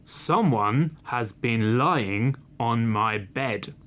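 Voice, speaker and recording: A man doing a big booming father bear. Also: fairly bright tone, a little hiss or hum. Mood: gruff. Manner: slow, booming delivery. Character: big deep-voiced father bear, gruff. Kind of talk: storybook reading.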